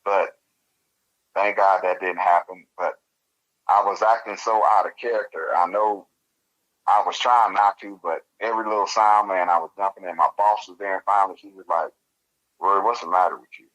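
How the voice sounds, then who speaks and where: A man, telling his story as an interview guest in a casual, animated way and laughing as he goes. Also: low voice, moderate pace, poor audio.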